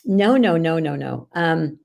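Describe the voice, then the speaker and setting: Woman guest on a podcast, low gravelly voice, mellow, animated storyteller. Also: a little slow. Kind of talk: casual podcast conversation.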